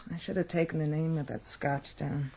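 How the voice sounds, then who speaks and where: An actress playing a middle-aged New York wife, rueful and wistful, in a radio drama. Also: female voice, low-pitched, steady tone, normal speed, vocal fry, warm tone, breathy edge, exaggerated voice. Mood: fretful.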